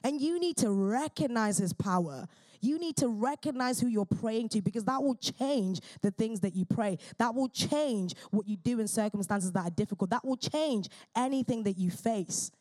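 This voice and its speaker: A woman's voice: on the high side, expressive, moderate pace, darkish tone. A woman preaching a sermon in an earnest, fervent way, often restarting her phrases.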